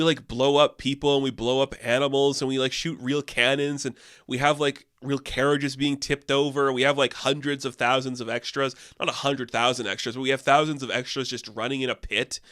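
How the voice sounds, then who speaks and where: A man casually reviewing a movie, loose and profane, full of "like" fillers, jumping up in pitch when incredulous. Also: a bit bright, dry recording, clean studio sound.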